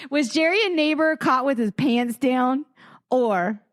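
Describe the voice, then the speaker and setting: A woman's voice: sits high, animated, slow pace, dry recording, studio quality. A woman co-hosting a podcast, chatting casually, telling rambling stories and laughing often. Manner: giggly, rambling storyteller. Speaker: podcast co-host. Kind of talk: casual comedic chat.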